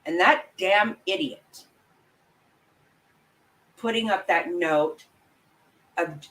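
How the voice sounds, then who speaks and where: A woman's voice: lowish voice, very animated, slow pace, pauses often, a bit bright, rough recording. A woman giving angry, blunt, profane commentary as a vlogger, talking straight to her viewers. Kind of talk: opinionated live commentary.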